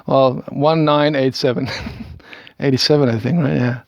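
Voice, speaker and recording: A man's voice: medium pitch, steady tone, measured pace, vocal fry, no room sound, dull audio. A Dutch man in his thirties with a Dutch accent, talking in a hesitant, rambling monologue full of stammered restarts and small chuckles. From Netherlands. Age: 30s. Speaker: video maker. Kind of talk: rambling self-recorded monologue.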